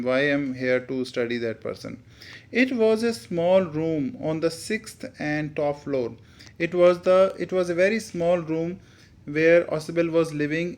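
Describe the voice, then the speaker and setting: A man with an Indian English accent teaching, reading a textbook story aloud and re-explaining each line in simple words, with Hindi asides. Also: fairly high pitch.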